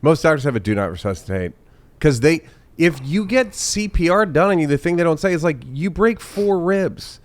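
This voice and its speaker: A man who is a comedian guest on a podcast, chatting casually in a dry, deadpan, rambling way. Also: fairly high pitch, normal speed.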